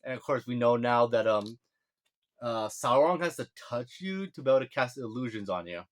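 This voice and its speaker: A man recapping a show episode in casual, sarcastic speech, mocking the plot and quoting characters in quick offhand voices. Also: mid-range voice, lively intonation. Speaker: video reviewer.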